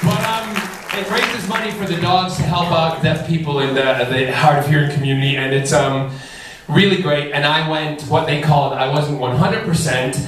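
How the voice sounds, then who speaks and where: Breathless, animated man in an echoey hall. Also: on the high side, normal speed, few pauses, a faint crowd. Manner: lively, jokey, breathless anecdotes. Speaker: celebrity panel guest. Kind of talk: animated storytelling on a convention panel. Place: large convention hall. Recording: echoey hall recorded from far off with faint noise.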